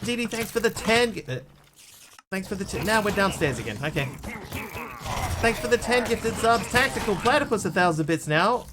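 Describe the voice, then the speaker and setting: Man, game streamer, fairly high voice, scattered chatter, yelps, noisy background. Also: expressive, moderate pace. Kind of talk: live game stream chat.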